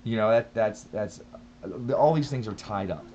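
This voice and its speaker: A man's voice: fairly low pitch, animated, moderate pace, darkish tone, highs cut off, slight background noise. A man talking thoughtfully in a casual vlog monologue, rambling with frequent restarts. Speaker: vlogger.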